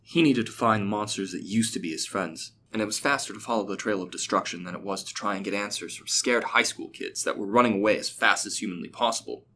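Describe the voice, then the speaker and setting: A man reading a fictional story aloud as a steady, even narrator. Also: on the low side, quick pace, hardly any pauses, a little hiss or hum.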